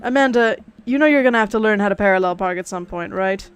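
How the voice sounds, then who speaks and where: Woman streaming, reads the game lines and narration, tosses out dry jokey asides, soft music behind. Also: mid-range voice, quick pace, clean tone. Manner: casual, wry asides with swearing. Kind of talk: reading a dating game aloud on stream.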